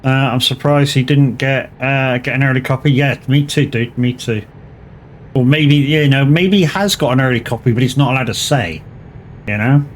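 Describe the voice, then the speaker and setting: A man's voice: medium pitch, moderate pace, a little hiss or hum. A man, chatting casually and joking with plenty of swearing as a live streamer. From Plymouth, England. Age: 40s. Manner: joking and profane, laughs often. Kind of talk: casual chat while playing a truck driving game.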